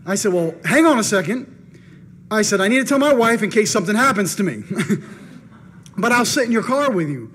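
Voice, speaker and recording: Man, preacher, high pitch, animated storytelling, acts out his own thoughts. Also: fairly quick, long pauses, slightly rough. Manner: animated first-person anecdote, acting out his own thoughts. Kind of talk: storytelling in a sermon.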